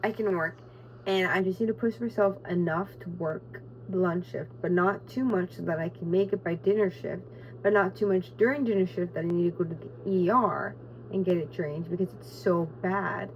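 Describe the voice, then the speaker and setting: A woman's voice: lowish voice, normal speed, far from the mic, highs cut off, slight background noise. A young woman vlogging in a casual chat, in pain and frustrated, laughing through it. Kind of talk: casual vlog talk to camera.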